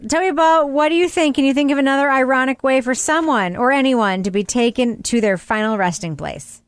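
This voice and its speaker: A woman hosting a podcast, reading a crime story with wry, deadpan jokes and steering her panel. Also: high-pitched, a little fast, clean tone, dry recording. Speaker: podcast host. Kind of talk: scripted crime segment and panel chat.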